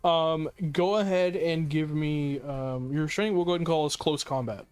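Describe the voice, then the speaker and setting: A man's voice: on the high side, steady tone, normal speed, a little mellow, clear, resonant tone. A man running a tabletop horror game as game master, narrating vividly with many fillers.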